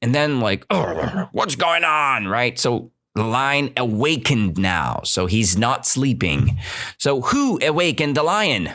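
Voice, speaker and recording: Slow, animated male English teacher. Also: medium pitch. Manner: slow, questioning, keeps checking understanding. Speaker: English teacher, podcast host. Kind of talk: explaining a story for English learners.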